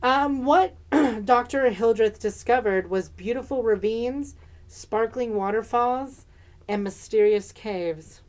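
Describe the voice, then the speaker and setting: A fairly high-pitched woman tells local ghost legends on a podcast, moving between read passages and loose, joking remarks. She speaks casually and drops in swearing and laughter. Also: takes it slowly, darkish tone. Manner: reads story passages, chatty asides, swears and laughs. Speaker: podcast co-host.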